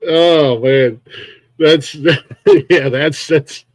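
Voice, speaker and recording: A man's voice: a little high, drawn-out words, dry recording. A man hosting a live comedy podcast, chatting casually with a guest, swearing and laughing often. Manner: laid-back, profane, laughs often. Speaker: podcast host. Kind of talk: casual interview chat. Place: live stream via video call.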